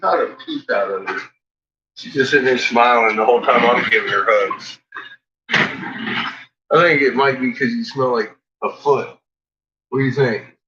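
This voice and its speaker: A man's voice: medium pitch, a little slow, long pauses. A man filming his dogs at home, playfully cooing at and teasing them in casual talk. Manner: playful, coos and teases the dogs. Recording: dull lo-fi home video with loud noise.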